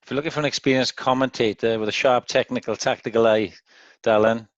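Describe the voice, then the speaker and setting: A man's voice: mid-range voice, steady tone, fast talker, dry recording. Bantering male co-host, dull lo-fi sound. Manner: jokey, bantering. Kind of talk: casual chat.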